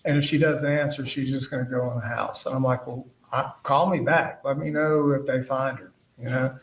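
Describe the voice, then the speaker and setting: A man giving courtroom testimony as a witness, speaking haltingly and retelling past conversations as quoted dialogue. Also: mid-range voice, steady tone. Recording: echoey room, voice far from the mic.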